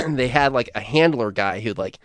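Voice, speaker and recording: A man co-hosting a casual talk show, telling a rambling story and doing loud imitations of crowd chants. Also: medium pitch, lively intonation, moderate pace, no room sound. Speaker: podcast co-host. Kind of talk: casual chat.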